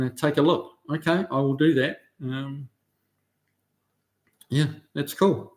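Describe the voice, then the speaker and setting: This middle-aged man, New Zealand-accented, runs a casual live stream from his car shop and reads out comments from viewers in an easygoing, chatty style packed with ums and uhs. His pitch is fairly high, and he takes it slowly with long pauses.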